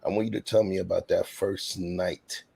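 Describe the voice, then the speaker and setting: Deep gravelly-voiced male interviewer. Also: level tone, warm tone. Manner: slow, deliberate, coaxing prompts. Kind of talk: interview questioning.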